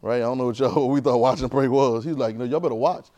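A man's voice: medium pitch, fairly even intonation, fast talker, darkish tone. A man, preaching a sermon and drawing responses from the congregation. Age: 30s. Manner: call-and-response with the congregation, conversational and emphatic.

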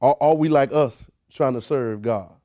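A man's voice: medium pitch, unhurried, dark tone. A man preaching a sermon, emphatic and repetitive, asking rhetorical questions and often restarting his words. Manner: frequent word repetitions and restarts.

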